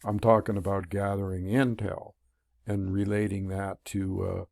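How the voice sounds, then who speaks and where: A man's voice: low voice, flat delivery, a little slow, gravelly, darkish tone, no room sound, clean studio sound. A man talking to the camera as a spiritual teacher, in a loose, rambling monologue full of fillers and restarts. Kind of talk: casual monologue. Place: room.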